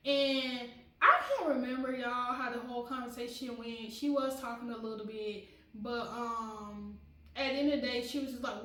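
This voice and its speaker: A woman's voice: on the high side, moderate pace, a bit bright, roomy sound, recorded from a distance, low-quality recording. A woman vlogger telling a personal story in a casual, dramatic way, often laughing and talking straight to her viewers.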